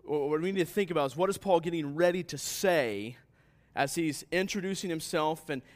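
A man with a fairly high voice is preaching a sermon. He talks in a relaxed, conversational way and keeps checking in with the congregation. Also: fairly quick. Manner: conversational preaching that rises to emphatic scripture reading. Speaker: pastor.

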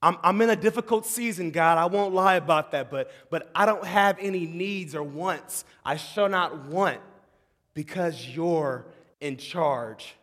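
A man preaching a sermon, moving between shouting excitement and hushed, tender tones and often calling the audience "y'all". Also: fairly high pitch, unhurried. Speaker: pastor. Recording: long hall reverb.

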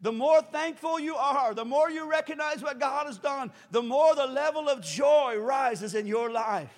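A man preaching a sermon as pastor, animated, acting out quoted voices and rising to shouts. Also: very high voice, a little slow. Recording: long hall reverb.

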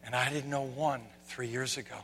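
A man preaching a sermon, swinging from hushed, quiet lines to loud, shouted ones. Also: medium pitch, fairly even intonation, normal speed, slightly rough. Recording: long reverb of a hall, faint hum.

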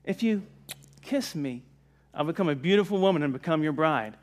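A man's voice: on the high side, lively intonation, moderate pace, close to an everyday voice. A man voicing a talking female frog from a joke in a sermon, in a raised, insistent voice. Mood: indignant. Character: talking female frog, cheerful, eager, promising.

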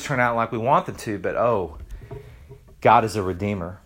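Middle-aged guy pastor giving a sermon, earnest, goes soft then builds up loud. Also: lowish voice, normal speed, long pauses, breathy edge.

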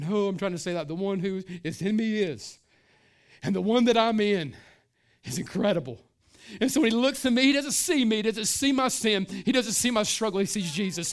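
A middle-aged man preaches in a relaxed, street-casual way, peppering his lines with "man" and "listen." He sinks to near-hushed tones for weighty points, then swells louder and drags out the words he wants to land. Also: high-pitched, moderate pace. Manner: swings between hushed and loud, stretching key words. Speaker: pastor. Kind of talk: sermon.

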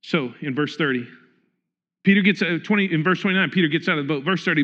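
Guy pastor preaching, high bright voice, kinda dull lo-fi sound. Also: fast talker. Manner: conversational, asks the congregation questions. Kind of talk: sermon.

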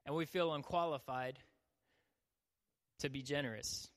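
Preaching as a youth pastor, this young man jokes around and plays out the characters in his stories with different voices. He speaks at a normal speed with a fairly high, bright, forceful voice, and the recording carries a long hall reverb.

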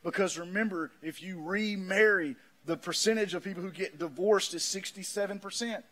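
A man preaching a sermon in a folksy manner, swinging from shouts down to low, quiet lines. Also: normal speed. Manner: folksy, says "man" often. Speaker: pastor.

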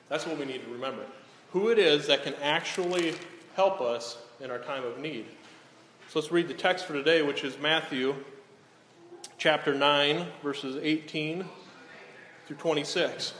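A man preaching a sermon in a church hall, asking rhetorical questions and dropping to a hush on solemn lines. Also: on the high side, moderate pace, long pauses, slight background noise. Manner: rhetorical, often tags lines with "right?". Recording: echoey hall, faint ambience.

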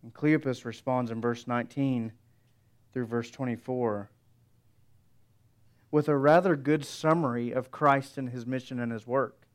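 A man preaching an expository sermon in a measured, reflective way, with frequent rhetorical questions. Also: mid-range voice, fairly even intonation.

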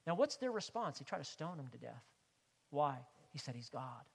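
A man preaching a sermon as pastor, with impassioned emphasis that swings between loud declarations and hushed, near-whispered lines. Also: medium pitch, very animated, normal speed, creaky, breathy edge, long reverb tail.

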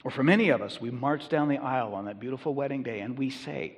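A man's voice: medium pitch, quick pace, slightly rough, big-room sound. A man preaching a sermon as a pastor, conversational and emphatic.

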